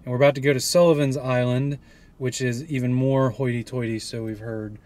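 A man's voice: mid-range voice, flat delivery, brisk, darkish tone. A young man hosting a casual travel vlog, joking and playfully teasing as he chats. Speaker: vlog host.

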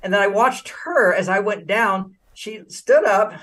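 A high-voiced older man from the United States, a relationship author, talks at a measured pace in a casual interview, sitting a bit off and far from the mic. He tells animated stories, frequently laughing and voicing the dialogue he quotes.

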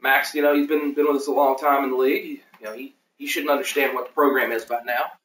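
A man's voice: medium pitch, steady tone, fast talker, a bit bright, recorded from a distance. A man hosting a casual livestream, rambling through team lineups with many fillers and self-corrections. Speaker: league host reviewing team depth charts. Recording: echoey room, voice off the mic.

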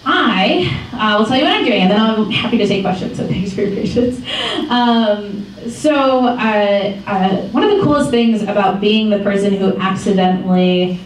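A young woman from Michigan giving a casual, animated talk to a room, telling stories with many ums and likes. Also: medium pitch, moderate pace, slight background noise. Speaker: activist speaker. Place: meeting room. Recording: echoey room from far off.

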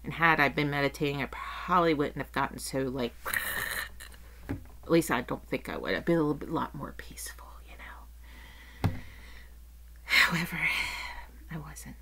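This one is whispered: a middle-aged woman with a low voice speaks at normal speed but pauses often. She's a vlogger telling a story as a casual rant, animated, swearing freely and acting out what others said.

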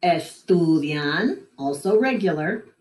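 A woman teaching a recorded Spanish lesson from home, slowly and deliberately drilling conjugations one by one. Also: fairly low pitch, lively intonation, a little mellow. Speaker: high school Spanish teacher. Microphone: computer mic while screen recording.

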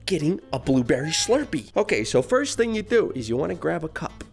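Man playing a goofy dad in a VR game, lively swooping voice, fairly high, faint music behind. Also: fairly quick, vocal fry. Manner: animated, jumping between coaxing and panicked outbursts. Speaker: VR game streamer. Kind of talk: improvised comedic role-play as a dad.

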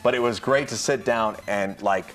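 A man hosting his show, telling a story in a casual, excitable way and acting out the people in it. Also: lowish voice, normal speed, faint music behind. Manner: excitable, acts out others' voices in his stories. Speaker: show host.

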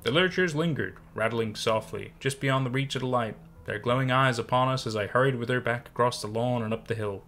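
Bright-voiced man narrating horror. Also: medium pitch, fairly quick. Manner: dramatic, suspenseful reading.

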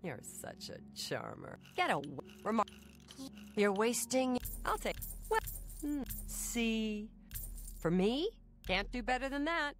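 A curt, weary Nord shopkeeper. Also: female voice, fairly high pitch, very animated, slow pace, faint music behind. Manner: curt, impatient, sighing. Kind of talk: video game dialogue.

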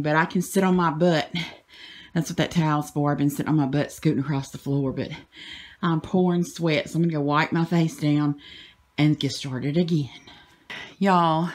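Chatty woman, lower voice. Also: poor audio. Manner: chatty and rambling, speaks to viewers as "y'all". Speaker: vlogger. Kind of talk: casual home vlog. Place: at home indoors.

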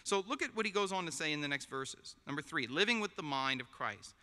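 High bright voiced guy preaching, chatty and joking, lots of "right?", echo hanging in a big hall. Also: animated, a little fast. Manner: conversational, joking, keeps asking "right?". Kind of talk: sermon. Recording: long hall reverb.

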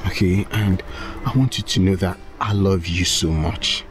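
An actor playing an affectionate young boyfriend with a Nigerian accent, effusive and tender. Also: male voice, low voice, fairly even intonation, a little slow, over music.

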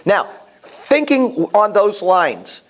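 A man teaching a Bible class in a casual, animated way, telling stories and often restarting his sentences. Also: sits high, extremely slow. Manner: animated, storytelling, repeats himself, many restarts.

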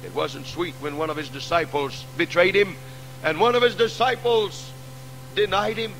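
A pastor preaching a sermon, repeating refrains, sinking quiet and then swelling into loud, rousing calls. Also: male voice, high voice, normal speed, slight background noise, rough recording.

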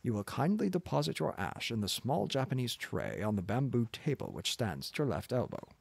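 A man's voice: medium pitch, sing-song, fairly quick, vocal fry, husky, dry recording, voice pushed up, exaggerated voice. A man voicing a pompous, arrogant older professor who lectures in a condescending manner. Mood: lecturing.

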